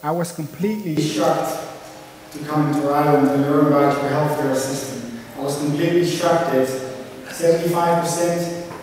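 A man's voice: fairly high pitch, fairly even intonation, normal speed, a little mellow, big-room sound, a little hiss or hum, poor audio. A man in his thirties from the Netherlands with a Dutch accent, giving an earnest, emphatic motivational talk to a conference, telling stories in his second language. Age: 30s. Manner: earnest, emphatic, storytelling with small slips in English. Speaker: conference speaker. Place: conference hall.

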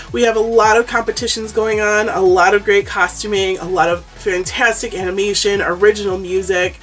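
A chatty woman vlogger rattles off her anime opinions, laughing between quick asides. She sits a little back from the mic, and soft music plays under her voice. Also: mid-range voice. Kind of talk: casual countdown commentary vlog. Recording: distant mic with background music.

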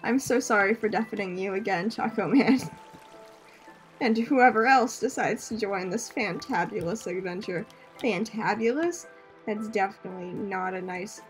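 A young woman streaming a game, chatting casually, reading chat aloud, laughing often and breaking into loud screams at enemies. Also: mid-range voice, normal speed, soft background music. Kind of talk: casual gaming commentary.

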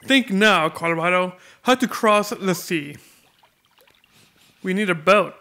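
A man voicing a pompous old gentleman explorer in a mock-posh manner while playing a video game. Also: high voice, heavily acted. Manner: mock-posh, halting delivery with restarts.

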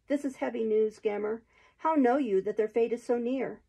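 A woman's voice: fairly high pitch, normal speed, creaky, dark tone, rough recording. A woman voicing a bold, merry male outlaw leader who speaks in hearty exclamations, read aloud from a storybook.

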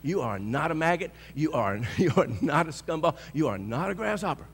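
Animated preaching man, bright lively voice. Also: a little high, a little fast, husky, long reverb tail. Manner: animated storytelling, shouting declarations, chuckling often. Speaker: pastor. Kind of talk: sermon.

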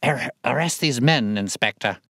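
A man voicing a sharp, cool-headed male detective in an audiobook, curt and calm. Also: mid-range voice, moderate pace, dry recording, clean studio sound, voice pushed up, lightly acted. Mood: urgent. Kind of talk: audiobook reading.

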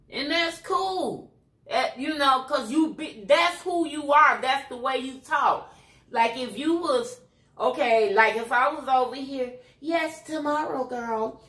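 A woman's voice: high voice, pushed and bright, echoey room. A woman from Chicago with a Chicago accent, a YouTuber giving a blunt, preachy, streetwise rant on a livestream. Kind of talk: ranting commentary livestream.

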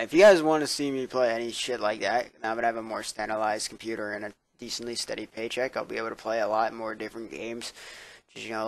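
A young man rambling casually to camera in a tired, sarcastic, profane way, indoors at his computer. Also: mid-range voice. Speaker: vlogger.

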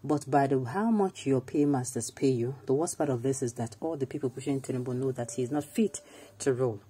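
A Nigerian woman with a very deep, dark voice delivers political commentary as a host. Her tone is husky and mellow, and she talks with animated emphasis, moving easily between English and Pidgin. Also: a little fast.

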